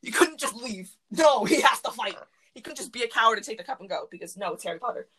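A woman hosting a podcast from her closet, chatting casually and rambling excitedly with lots of fillers. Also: on the high side, fast talker, breathy edge, rough recording. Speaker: podcast host. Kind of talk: casual chat.

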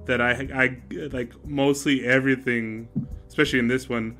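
A man co-hosting a casual podcast chat, telling a story in a rambling, animated way, laughing often and swearing freely. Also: medium pitch, moderate pace, faint music behind. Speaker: podcast co-host.

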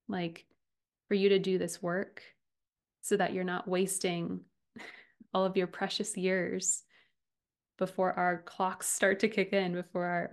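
Earnest woman with a gravelly low voice. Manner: earnest, heartfelt, with soft laughs. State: getting emotional. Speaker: podcast host and relationship coach. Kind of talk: personal podcast monologue.

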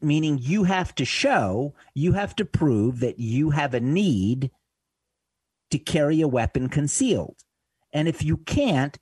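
A man's voice: fairly high pitch, darkish tone, breathy edge, no room sound. Male radio host, mid-range voice, casual rambling delivery, dry studio sound. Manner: conversational, loose, with fillers and asides. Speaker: radio talk show host. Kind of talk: talk radio monologue. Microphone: studio microphone.

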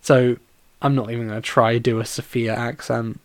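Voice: medium pitch, level tone, moderate pace, no echo. A podcast host chatting casually alone about a film, rambling with constant fillers and restarts, and tired and yawning.

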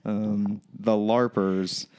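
A man's voice: fairly low pitch, level tone, very slow, darkish tone, smooth. Swearing, rambling male podcast host. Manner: rambling, swears freely, laughs often. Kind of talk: casual chat recapping a TV episode.

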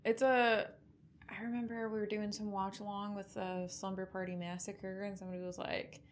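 A woman's voice: mid-range voice, little pitch movement, normal speed, a little hiss or hum. A woman co-hosting a casual film recap, chatty and sardonic, swearing freely. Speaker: podcast co-host.

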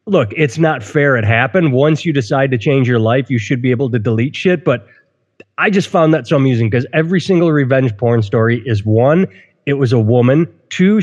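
A man's voice: mid-range voice, a little mellow, big-room sound. Amused man hosting a casual chat. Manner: wry, amused, reads out quotes. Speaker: podcast host. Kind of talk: casual comedic news chat. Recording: slightly dull lo-fi sound.

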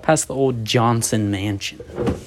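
A man's voice: medium pitch, measured pace. Young man telling a rambling ghost story. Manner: hushed, mumbling, making up a story as he goes. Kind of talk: casual chat. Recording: noisy room.

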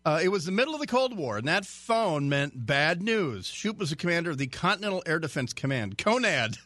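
A man's voice: on the high side, big pitch swings, brisk, fairly bright tone, no room sound. A man guest-hosting a radio talk show, reading a news story in a chatty way with stumbles and jokey asides. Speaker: radio fill-in host.

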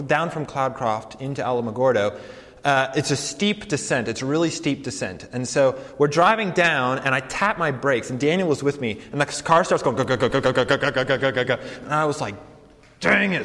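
Man preaching casually in a reverberant hall. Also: medium pitch. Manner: conversational, self-deprecating, animated storytelling. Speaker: campus ministry pastor. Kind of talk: sermon.

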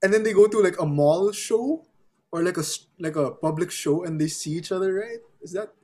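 A woman in casual chat, lively and giggly, often apologizing and acting out lines. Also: on the low side, fairly quick.

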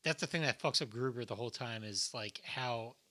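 A man's voice: mid-range voice, a little fast, pushed and bright. A man co-hosting a casual movie podcast, rambling and swearing freely as he retells film scenes. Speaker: podcast co-host.

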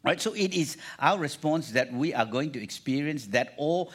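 Male pastor, lively, slightly higher voice, preaching energetically with call-and-response. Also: moderate pace. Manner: animated, repeats phrases, calls for congregation response. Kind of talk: sermon.

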